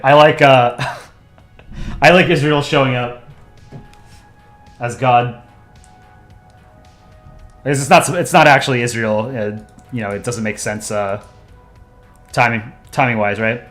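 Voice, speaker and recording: A man hosting a casual drawing livestream, chatty and relaxed, thinking aloud as he works. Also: medium pitch, echoey room. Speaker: streamer and comic artist.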